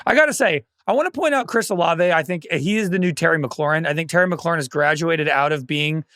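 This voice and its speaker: A man talking through his points in relaxed podcast chat, steady and analytical. His voice sits a bit higher than most men's. It is recorded dry and close. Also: fast, dry recording. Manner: analytical, builds arguments. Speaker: podcast co-host. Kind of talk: casual sports podcast chat.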